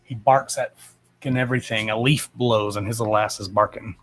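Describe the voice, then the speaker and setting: A man's voice: lowish voice, fairly even intonation, brisk, a bit bright. A man hosting a casual live stream, talking bluntly and with plenty of swearing, and breaking off to speak to his dogs. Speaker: live-stream host and dog owner.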